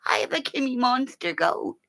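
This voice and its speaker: A woman's voice: on the high side, very animated, moderate pace, vocal fry, fairly bright tone. A woman casually chatting to her livestream viewers from home, laughing constantly, swearing freely and teasing them affectionately. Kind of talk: casual rambling chat. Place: at home, in bed with her dog.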